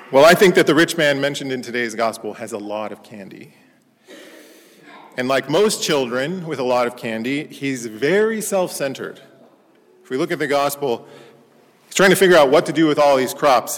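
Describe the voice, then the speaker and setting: A man's voice: medium pitch, normal speed, in a large hall. A man, a parish priest, giving a sermon in a conversational storytelling manner. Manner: storytelling, conversational, animated in anecdotes. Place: church.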